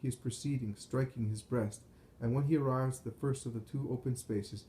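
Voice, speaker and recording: A man reading a first-person visionary account in a measured, solemn way. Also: mid-range voice, steady tone, warm tone, slight background noise, poor audio. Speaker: narrator. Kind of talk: scripted first-person narration of a visionary text.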